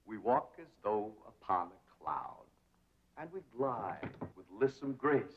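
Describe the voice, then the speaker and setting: A man's voice: fairly low pitch, sing-song, takes it slowly, a little hiss or hum. An actor playing a pompous young society man who lectures grandly on posture and diction in a 1960s sitcom. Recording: dull 1960s TV soundtrack.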